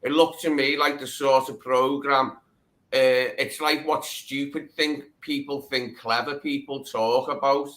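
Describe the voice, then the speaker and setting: A man's voice: mid-range voice, steady tone, unhurried, fairly bright tone. A man co-hosting a live stream, chatting casually in a blunt, plain-spoken way. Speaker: co-host. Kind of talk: casual chat.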